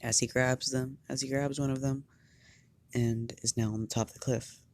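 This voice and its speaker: Improvising a narration, this fan storyteller speaks in a halting way, frequently repeating words. Their mid-range voice stays level and has a darkish quality.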